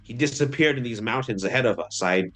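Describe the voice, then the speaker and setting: A man's voice: medium pitch, animated, a little fast, a bit bright, faint music behind, lightly acted. A man voicing a grateful German inventor and family father, in a German accent. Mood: earnest. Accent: German, put on. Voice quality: formal, effusive, earnest.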